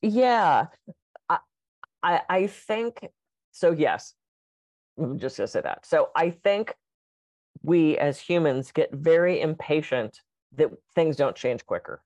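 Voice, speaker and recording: A woman co-hosting a casual podcast chat as a coach, telling stories and acting out quotes with lively energy. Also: low voice, slow, pauses often, no echo. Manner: animated storyteller, acts out quotes.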